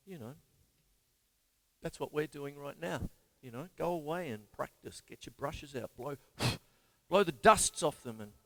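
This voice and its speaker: A man's voice: mid-range voice, no room sound. An Australian man giving a live-streamed drum lesson in a chatty, digressive way, often laughing at himself. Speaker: drum teacher.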